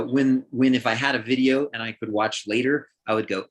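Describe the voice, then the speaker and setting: A man's voice: medium pitch, brisk, few pauses, a bit bright. Thoughtful man answering questions. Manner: thoughtful, with many restarts and acted-out examples. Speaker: counselor guest.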